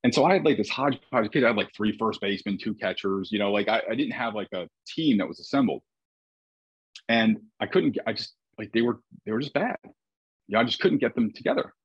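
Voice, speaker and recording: A man's voice: fairly low pitch, expressive, quick pace, breathy edge, no echo, lo-fi sound. A man who coaches baseball, telling stories in a casual, reflective conversation with frequent restarts.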